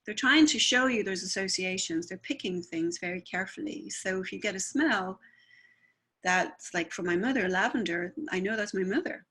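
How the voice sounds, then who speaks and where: A woman's voice: medium pitch, moderate pace, fairly bright tone. A woman who works as a spiritualist medium, talking in a chatty, rambling way and often checking with "right?". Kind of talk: conversational talk.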